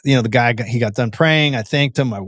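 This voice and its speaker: A man's voice: mid-range voice, fast talker, fairly bright tone, no echo, clean studio sound. A man as a podcast guest telling his personal testimony in an earnest, storytelling way, with frequent restarts and a casual "bro" to the host.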